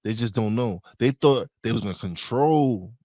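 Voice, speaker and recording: A man's voice: medium pitch, animated, moderate pace, warm tone, no echo, clean studio sound. A man co-hosting a podcast in casual chat, talking bluntly and emphatically in slang and often repeating himself. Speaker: podcast co-host.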